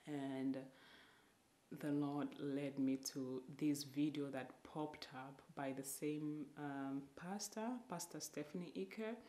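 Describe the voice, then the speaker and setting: A woman vlogger telling an emotional personal faith testimony, halting and sometimes dropping to a whisper. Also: sits low, fairly even intonation, warm tone, echoey room.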